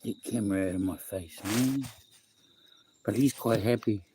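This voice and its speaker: This is a casual home livestream from a young West Auckland host who rambles through a story and greets viewers by name. His New Zealand-accented voice is lowish and moves at normal speed over a noisy background.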